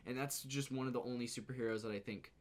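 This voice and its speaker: A man's voice: mid-range voice, fairly even intonation, quick pace. A man co-hosting a podcast in casual chat, earnest and laughing easily, with casual swearing. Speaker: podcast co-host.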